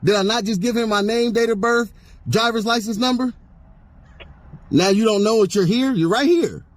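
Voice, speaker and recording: Defiant, cursing man, high voice. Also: normal speed. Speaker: driver filming a police stop. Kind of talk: confrontational argument with police. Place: parked car. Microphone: handheld recording camera.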